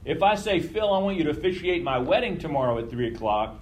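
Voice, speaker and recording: A man's voice: fairly high pitch, big pitch swings, fast talker, poor audio. A man leading a group session in a casual teaching talk, conversational, swearing freely and often checking in with his listeners. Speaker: workshop leader.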